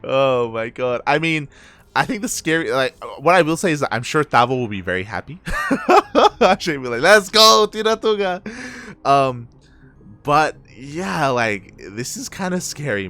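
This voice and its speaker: A man casting a live strategy game tournament, excitable and laughing often, calling the action as it happens. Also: medium pitch, moderate pace. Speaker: esports caster.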